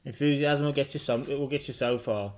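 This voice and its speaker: A man's voice: medium pitch, quick pace, darkish tone, lightly acted. Shrewd street-dealer woman, as a man puts her on. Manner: easygoing, calls people mate.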